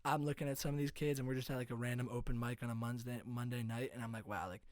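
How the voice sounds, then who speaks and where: A man's voice: mid-range voice, little pitch movement, rapid-fire, darkish tone, no room sound. A young man in his twenties with a New Jersey accent, co-hosting a loose, profane comedy podcast. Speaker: podcast co-host. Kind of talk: casual chat.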